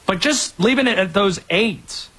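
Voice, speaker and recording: A man hosting a sports talk show, giving energetic, opinionated rundowns of players and teams. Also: sits high, unhurried, breathy edge.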